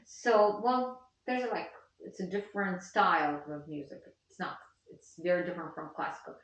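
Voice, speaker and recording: A piano teacher gives a one-on-one lesson, her fairly low, expressive voice explaining patiently at a moderate pace and counting beats aloud. Piano plays in the background, and the sound is echoey, distant, dull and lo-fi.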